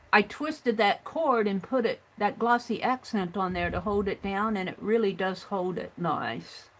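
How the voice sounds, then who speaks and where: A woman's voice: fairly high pitch, a bit bright, low-quality recording. A middle-aged woman chatting casually and rambling as she shows her crafts and reads out viewer comments on a livestream. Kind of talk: casual chat while crafting.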